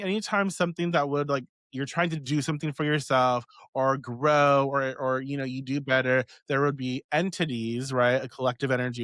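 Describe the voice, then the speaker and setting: A man's voice: medium pitch, a bit bright, no echo. A man hosting a casual question-and-answer chat, rambling and swearing freely as he goes. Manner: rambling, swears freely, many fillers and asides. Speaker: host answering community questions on witchcraft.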